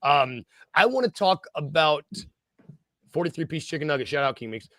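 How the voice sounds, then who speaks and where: A man's voice: on the high side, lively intonation, normal speed, fairly bright tone, dry recording, studio quality. A man hosting a casual sports podcast, jokey and self-deprecating, rambling through his points. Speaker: podcast host.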